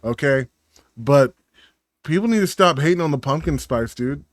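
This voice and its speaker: A man co-hosting a casual comedy podcast, telling animated stories and slipping into voices. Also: fairly high pitch, normal speed. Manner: animated storyteller, slips into voices. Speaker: podcast co-host.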